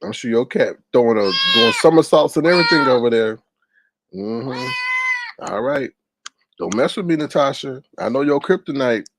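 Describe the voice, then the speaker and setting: Against a noisy background, a man at a moderate pace hosts a live stream of casual chat and stories. Animated throughout, he shifts into high exaggerated voices for quotes and reads viewers' comments aloud while teasing them.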